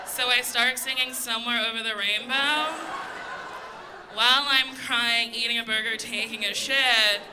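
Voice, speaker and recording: High, animated woman doing stand-up. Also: unhurried, noisy background. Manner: loud, animated storytelling with put-on voices. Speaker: stand-up comedian. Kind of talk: stand-up comedy set. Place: comedy stage before a live audience.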